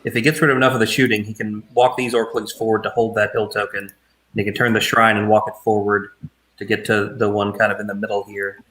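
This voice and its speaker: Calm man hosting a wargame stream. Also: lowish voice, quick pace, poor audio. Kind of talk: casual tabletop game commentary.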